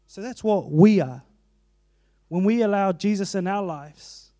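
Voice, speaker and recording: A man's voice: high-pitched, warm tone, dry recording, studio quality. A man preaching a sermon in an earnest, conversational way, mixing in personal asides.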